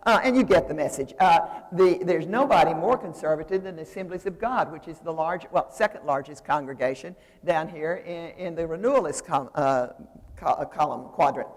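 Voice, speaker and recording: A woman's voice: lowish voice, darkish tone. A woman giving a seminary lecture in a conversational, digressive way, with frequent fillers and restarts. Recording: reverberant lecture hall.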